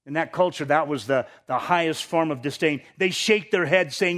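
A man preaching a sermon, reading scripture with rising intensity and dropping to quiet asides, often repeating words as he restarts. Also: moderate pace. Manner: preaching, rises in pitch and force when reading scripture, drops low for asides. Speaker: pastor.

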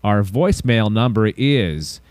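A man's voice: lowish voice, animated, a little slow, darkish tone, dry recording. A man hosting a podcast, rambling and joking around while reading announcements and listener mail. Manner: goofy, rambling, self-mocking. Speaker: podcast host. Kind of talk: casual podcast chat.

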